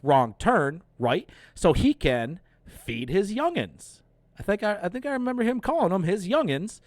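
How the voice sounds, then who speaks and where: Young guy ranting about a movie plot, kinda high voice, super dry sound, swears a lot. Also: no room sound. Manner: excited, profane retelling with acted-out quotes. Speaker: host. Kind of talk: casual movie review.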